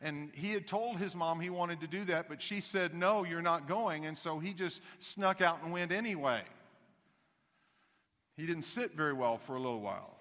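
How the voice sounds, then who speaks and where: A pastor delivers his sermon with a high, bright voice. He swings from hushed to loud. His words ring out in a reverberant church hall. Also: moderate pace. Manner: animated, dramatic shifts between hushed and loud.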